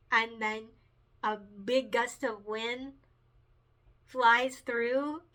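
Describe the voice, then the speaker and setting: Bright, giggly woman vlogger. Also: fairly high pitch. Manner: chatty, giggly and emotional. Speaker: picture book author. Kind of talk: casual vlog chat.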